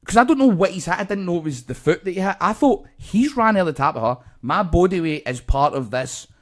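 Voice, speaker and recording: A man's voice: high voice, expressive, fast. A Scottish man, co-host of a comedy podcast, telling a story in casual chat, swearing a lot and acting out the voices of the people in it.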